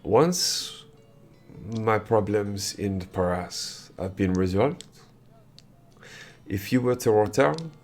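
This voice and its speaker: A man voicing a charming, courteous prince who drops in French words, speaking in his own low voice. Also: lively intonation, takes it slowly, a little mellow, faint music behind, exaggerated voice. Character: gracious, charming young male prince.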